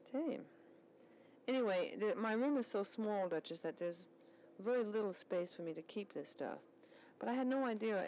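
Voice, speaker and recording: A woman's voice: mid-range voice, darkish tone, dull audio, a little hiss or hum. A woman recording a spoken letter, chatting in a rambling, storytelling way about her work at a military service club.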